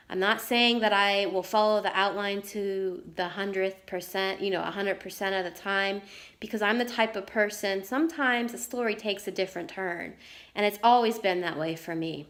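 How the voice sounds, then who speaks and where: A woman's voice: mid-range voice, a bit bright. A middle-aged woman writer telling a personal story in a candid vlog, earnest and repeating herself for emphasis. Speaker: writer vlogger.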